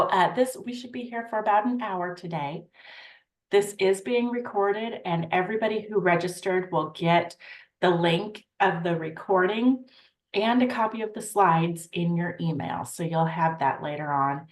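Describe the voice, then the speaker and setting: A woman's voice: fairly low pitch, normal speed, reverberant. A woman hosting a webinar, talking in a friendly, chatty way and a little flustered by technical trouble, over a computer microphone on a video call. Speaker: webinar host. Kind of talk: casual webinar introduction. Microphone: computer mic on a video call.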